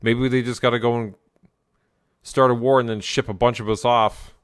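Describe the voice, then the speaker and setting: A man's voice: medium pitch, flat delivery, moderate pace, smooth, no echo, clean studio sound. A man giving blunt, crude, joking reaction commentary.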